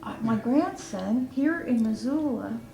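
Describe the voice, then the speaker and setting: An older woman hosting a casual chat, telling stories in an animated way and acting out quotes. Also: a little high, a little slow, vocal fry. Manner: animated storyteller, acts out quotes. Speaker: host. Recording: echoey room with music behind.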